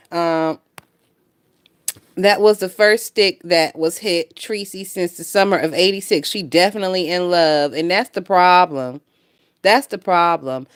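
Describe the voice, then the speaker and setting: A woman with a smooth, mid-range voice hosts a gossip channel, giving casual commentary that's blunt, profane, and full of laughter. The recording is dry and studio quality.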